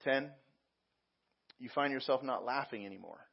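A man's voice: medium pitch, moderate pace, vocal fry, slightly rough. Conversational male pastor, slightly muffled recording. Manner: conversational, with frequent repeats and fillers. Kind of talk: sermon.

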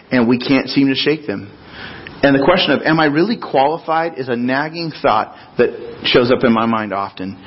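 A man's voice: medium pitch, breathy edge. A man preaching a conversational sermon as pastor in a church, acting out quotes with folksy asides. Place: church sanctuary. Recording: dull lo-fi recording.

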